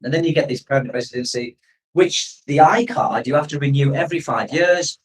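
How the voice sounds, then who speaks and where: An expat livestream host rambles casually from story to story, repeatedly breaking off to read and answer viewer comments in an easygoing, unscripted way. His medium-pitched voice is brisk, captured by a distant mic with poor audio.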